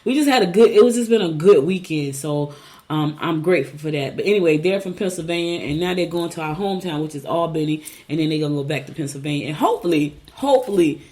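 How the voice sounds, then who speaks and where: A middle-aged woman from Newark, New Jersey hosts a casual talk show. Her voice sits a little low, and she chats with her viewers in a personal, storytelling way. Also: animated, fast, warm tone. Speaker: host.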